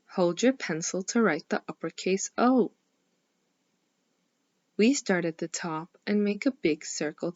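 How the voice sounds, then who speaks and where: A woman teaching phonics to young children, speaking slowly and clearly, with lots of encouraging praise and drawn-out vowel sounds. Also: mid-range voice, darkish tone, no echo, highs cut off. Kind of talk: slow, clearly enunciated lesson for young children.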